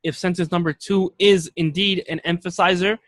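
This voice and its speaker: A man's voice: high voice, steady tone, moderate pace, a bit bright, dry recording. A male teacher giving a classroom lecture, patient and explanatory, repeating key points and checking that students follow. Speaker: Arabic teacher.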